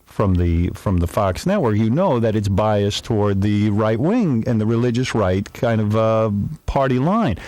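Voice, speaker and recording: A man's voice: lowish voice, animated, a little mellow, dry recording. Man teasing his guest with questions. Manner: teasing, quick questions with halting restarts. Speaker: radio host. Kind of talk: comic radio interview.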